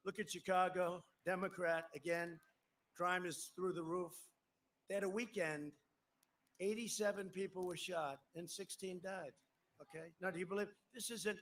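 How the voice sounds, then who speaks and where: With a high, fairly bright voice, steady in tone and moderate in pace, a man in his seventies campaigns at a podium microphone at an outdoor airport rally. The speech rambles and is emphatic, with asides to the crowd, and faint crowd noise runs under the outdoor live broadcast.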